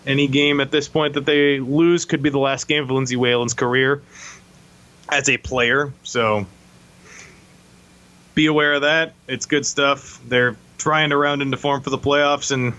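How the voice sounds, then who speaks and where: A man's voice: medium pitch, sharp tone, muffled recording. A man hosting a casual sports podcast, wrapping up with wry, upbeat patter. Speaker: podcast host.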